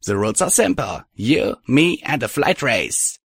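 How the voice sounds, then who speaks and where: A man's voice: medium pitch, very animated, measured pace, gravelly, slightly rough, dry recording, clean studio sound, pitched above the performer's own voice, heavily acted. A man reading a story and voicing a coy, smug female alicorn pony villain who mocks lazily. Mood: taunting. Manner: teasing, lazily mocking. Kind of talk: audiobook reading of fan fiction.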